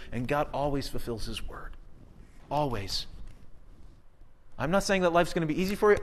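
A male pastor giving a sermon in a conversational, earnest way, often repeating words for emphasis. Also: on the high side.

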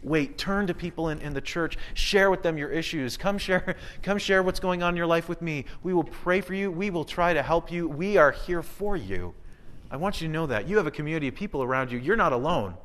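A man preaching a sermon with a fairly high voice for a man. He talks to the congregation in a relaxed, conversational way but stays earnest, leaning on repeated words to drive a point home. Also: fairly quick. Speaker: pastor.

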